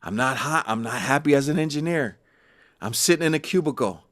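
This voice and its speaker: A man, a gospel musician, telling personal stories in an animated, emphatic way during a conversation. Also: mid-range voice, fairly quick. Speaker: gospel musician and podcast guest.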